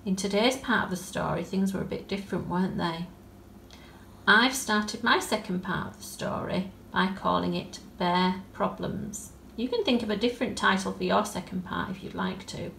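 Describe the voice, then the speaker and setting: A woman teacher reading a story aloud for young pupils and explaining it gently, with coaxing questions. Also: medium pitch, moderate pace, creaky, echoey room, a little hiss or hum. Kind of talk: storytelling lesson for children.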